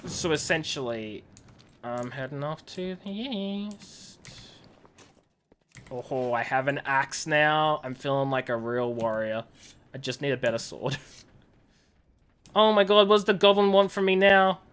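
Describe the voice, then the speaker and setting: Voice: medium pitch, expressive, measured pace, pauses often, a bit bright, smooth. A game streamer chatting casually while playing, joking and laughing often. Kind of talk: casual gameplay chat.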